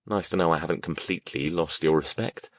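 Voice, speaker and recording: A man's voice: deep voice, a little fast, dry recording. A man voicing a reserved male mage, dry and muttering.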